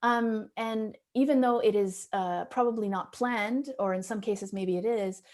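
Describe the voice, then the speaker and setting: A woman's voice: medium pitch, steady tone, unhurried, darkish tone. A woman educator giving a seminar presentation, telling a classroom story in a thoughtful way with frequent ums and restarts. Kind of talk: conference presentation.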